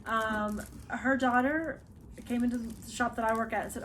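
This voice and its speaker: A woman's voice: on the high side, normal speed. Chatty woman in a noisy hotel room. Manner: animated storyteller, quoting others with laughs. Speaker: podcast host. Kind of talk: casual chat among friends.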